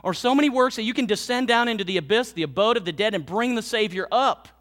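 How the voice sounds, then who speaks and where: A male pastor delivering a Sunday sermon in a church, his voice sitting fairly high for a man. He swings from loud, emphatic exhortation to hushed, slowed-down lines.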